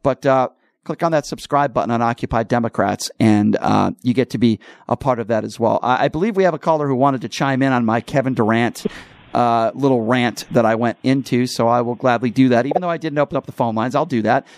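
A man's voice: mid-range voice, fairly quick, dry recording. Emphatic male talk radio host. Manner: emphatic, ranting, repeats points. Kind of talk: opinionated talk radio monologue.

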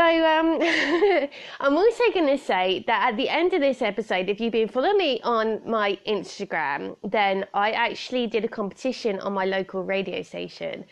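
A woman's voice: fairly high pitch, creaky. A young woman hosting her own podcast in a chatty, bubbly, self-deprecating way. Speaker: podcast host. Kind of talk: casual solo podcast chat.

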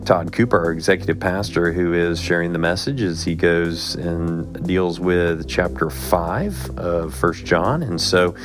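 A man's voice: deep voice, unhurried, few pauses. A man introducing a sermon as one of the church's pastors, in a welcoming, announcement-style delivery. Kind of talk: scripted introduction. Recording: clear music underneath.

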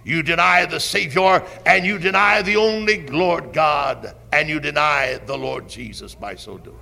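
A man preaching a fiery old-time sermon with a Southern accent, impassioned and building to shouts with drawn-out emphasis. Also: on the high side, vocal fry. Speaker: pastor. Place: church sanctuary. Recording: 1970s church recording with long hall reverb.

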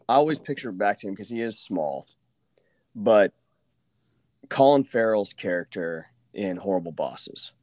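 A man from Oklahoma hosting a casual podcast chat, telling stories with lively asides and mimicking the people he quotes. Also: lowish voice, normal speed, pauses often, dry recording. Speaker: podcast host.

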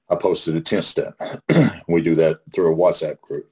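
Deep husky man teaching with folksy emphasis. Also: fairly even intonation, unhurried, a little mellow. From Oklahoma. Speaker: host leading a recovery study. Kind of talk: casual teaching talk.

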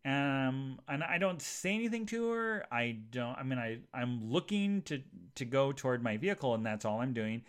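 A man hosting a podcast, telling a long rambling story in a chatty, animated way with many asides to his listeners. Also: moderate pace, hardly any pauses, clean tone. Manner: rambling and animated, jumps to high voices for quoted people. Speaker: podcast host. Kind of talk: casual monologue storytelling.

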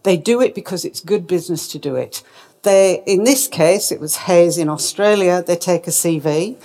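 Lively woman giving a talk. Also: fairly low pitch, moderate pace. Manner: lively, emphatic, asks the audience questions. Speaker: speaker. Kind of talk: presentation talk.

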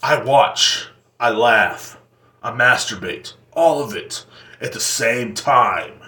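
Male podcast host, solo rambling rant, crude and jokey, mid-pitched, echoey room. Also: animated, slow, sharp tone. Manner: profane, rambling and joking. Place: seated indoors in a chair. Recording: roomy echoing room.

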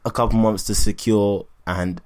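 A man's voice: lowish voice, steady tone, moderate pace, darkish tone. A man in casual, teasing podcast chat, full of slang. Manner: slangy, teasing, laid-back.

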